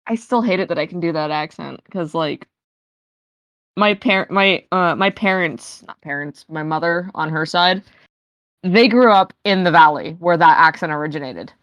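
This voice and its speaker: A woman's voice: fairly low pitch, normal speed, fairly bright tone, no room sound. A woman chatting casually on a live game stream, rambling with lots of fillers and casual swearing. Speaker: tabletop game player.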